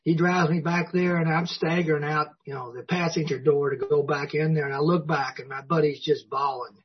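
A man's voice: on the high side, steady tone, brisk. A man sharing his personal story at a recovery meeting, a folksy, self-mocking storyteller who chuckles often. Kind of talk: personal story told to an audience. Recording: dull lo-fi recording.

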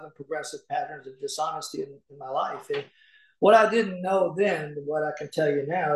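Folksy man telling recovery stories. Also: on the high side. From Kentucky. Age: middle-aged. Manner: folksy storyteller, acts out voices, chuckles often. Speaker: speaker at a recovery meeting. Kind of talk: personal recovery talk. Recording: echoey room.

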